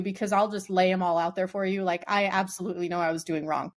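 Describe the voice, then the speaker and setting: A woman's voice: mid-range voice, steady tone, a little fast, few pauses. A woman co-hosting a podcast, telling a long story in casual chat. She laughs often and rambles with lots of "like" fillers. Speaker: podcast co-host.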